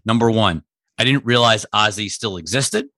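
A man co-hosting a media podcast, chatting casually with quick excited restarts. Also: fairly low pitch, no room sound, clean studio sound. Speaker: podcast co-host. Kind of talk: casual chat.

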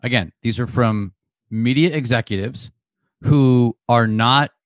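A man's voice: mid-range voice, measured pace, no room sound. Emphatic man arguing on a podcast. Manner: emphatic, opinionated, argues points. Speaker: podcast co-host. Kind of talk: casual chat.

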